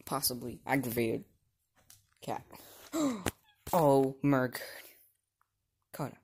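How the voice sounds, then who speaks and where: A woman chatting playfully to her cats while filming them on a phone, teasing them with sudden high squeals. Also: sing-song, drawn-out words, darkish tone, a little hiss or hum. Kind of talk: casual chat to pets. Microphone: handheld phone.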